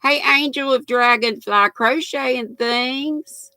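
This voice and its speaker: This older Southern-accented woman from North Carolina talks slowly in a high-pitched, sharp voice, recorded with no echo. Hosting a live stream, she casually chats with viewers, greets each by name, and laughs frequently.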